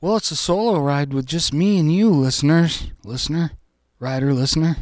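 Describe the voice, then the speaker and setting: A man's voice: a little high, normal speed, a little mellow, no room sound, clean studio sound. A man hosting a radio show from his basement, chatting casually and playfully between songs in a loose, rambling way. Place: home basement studio. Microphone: studio microphone.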